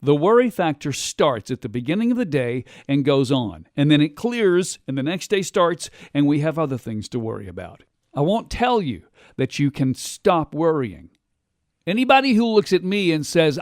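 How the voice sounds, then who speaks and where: A man hosting a radio talk show, delivering an animated monologue and acting out quotes in other voices. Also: fairly high pitch, normal speed, dry recording, clean studio sound. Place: radio studio.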